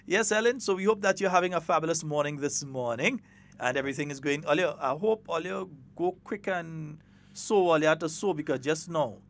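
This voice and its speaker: Brief: Grenadian male radio host, fairly high voice, playful and chatty. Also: brisk. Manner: chatty, playful, mixes creole with standard English. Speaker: radio talk show host. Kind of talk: casual morning radio chat.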